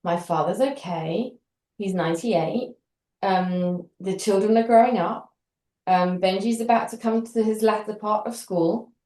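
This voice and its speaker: A middle-aged British woman telling a story in an interview, animated and wry, acting out the dialogue as she goes. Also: medium pitch, unhurried. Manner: animated, acts out quoted dialogue with wry humour. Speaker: interview guest. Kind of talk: conversational storytelling. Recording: roomy echo.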